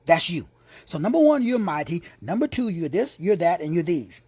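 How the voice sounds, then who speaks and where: Very animated, a male Bible teacher drives his lesson home by repeating key words and throwing in casual street asides. He speaks at normal speed in a warm, husky, fairly high voice with plenty of pitch movement, recorded close and dry without room sound.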